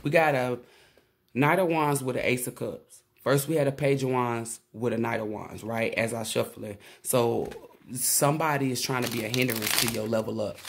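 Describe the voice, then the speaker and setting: Woman tarot reader, casual to camera; excitable, profane, rambling delivery. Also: very deep voice, normal speed, husky.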